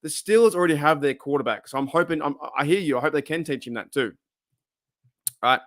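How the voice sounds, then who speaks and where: A man's voice: on the high side, fast talker, a bit bright, no echo, studio quality. An Australian man hosting a casual livestream, chatting, laughing often and reading out viewer comments. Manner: chatty, laughs often, reads chat aloud. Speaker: livestream host.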